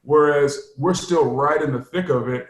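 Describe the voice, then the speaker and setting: Casual male podcast co-host, fairly high voice, expressive storyteller in a roomy, echoing space. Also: normal speed. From United States. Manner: animated storyteller, laughs often. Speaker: podcast co-host, former player. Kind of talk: casual chat.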